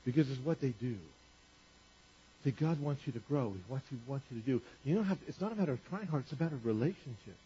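A male pastor preaching a sermon in a conversational way, repeating phrases and rising in pitch for emphasis. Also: expressive, fast, mellow, slight background noise. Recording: dull lo-fi recording.

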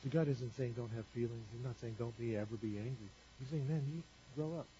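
A male pastor preaching a sermon to a congregation, talking conversationally with rhetorical questions and swinging from loud to quiet. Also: medium pitch, fairly even intonation, fast, slight background noise. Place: church. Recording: dull lo-fi church recording.

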